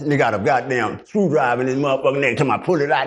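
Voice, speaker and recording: A middle-aged man telling stories in a casual interview, animated and profane, acting out the voices of the people in them. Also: on the high side, fast. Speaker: guest.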